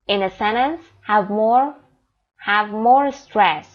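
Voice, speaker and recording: A woman teaching an English textbook lesson, reading English lines slowly and explaining them quickly in another language. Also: medium pitch. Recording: dull lo-fi recording.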